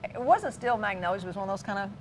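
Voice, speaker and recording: Middle-aged woman, local TV co-host, medium pitch, playful chatty banter, faint rumble behind. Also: expressive, rapid-fire. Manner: chatty, playful teasing, frequent ums. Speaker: TV talk show co-host. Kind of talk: casual studio chat. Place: TV studio.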